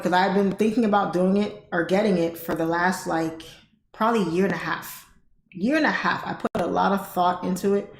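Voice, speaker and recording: A woman hosting a livestream, telling a story in a casual, chatty way and laughing often. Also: fairly low pitch. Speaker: trading livestream host. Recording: roomy echo.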